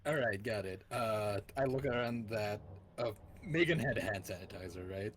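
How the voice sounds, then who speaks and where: A man's voice: fairly low pitch, moderate pace, slight background noise. A man playing a tabletop game, casual and stammering, often laughing at his own moves. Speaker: player.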